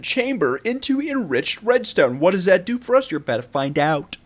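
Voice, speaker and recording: A man's voice: sits high, normal speed, hardly any pauses. A young man giving casual gameplay commentary, rambling and talking to himself as he plays. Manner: animated, rambling, talks to himself. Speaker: gameplay YouTuber.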